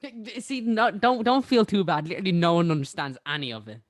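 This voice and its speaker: A man with an Irish accent hosts an online interview and talks quickly and eagerly. He sounds friendly and casual, speaking into a home microphone. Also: high voice. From Ireland. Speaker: interview host. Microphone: home USB microphone.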